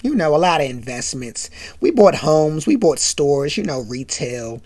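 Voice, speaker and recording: A narrator voicing a smooth-talking, boastful male TV host who brags in a low, slow voice. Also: big pitch swings, darkish tone, dry recording. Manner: low, slow, smooth bragging; croons a song.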